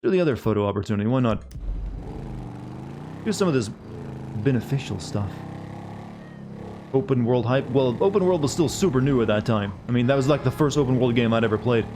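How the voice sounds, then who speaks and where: An American man streaming a game, chatting in a relaxed way and swearing casually. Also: mid-range voice, fairly quick, pauses often, noisy background. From United States. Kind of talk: casual gameplay commentary.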